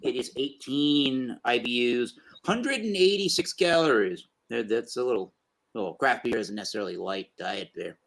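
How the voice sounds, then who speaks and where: A man's voice: mid-range voice, expressive, normal speed, creaky, a bit bright, poor audio. A man hosting a casual beer review show, rambling through tasting notes with plenty of fillers.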